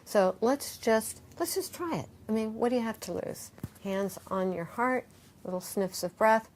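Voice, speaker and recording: A middle-aged woman, a yoga teacher and author, talks in an interview in a lively, expressive way, acting out quoted voices and guiding breathing exercises. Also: fairly high pitch, moderate pace, slight background noise. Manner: animated, acts out quoted voices, guides breathing.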